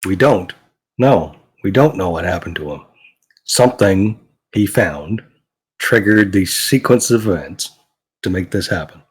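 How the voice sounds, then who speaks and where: A man with a very deep, husky voice argues his point bluntly during a tabletop game. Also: lively intonation, measured pace. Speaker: player.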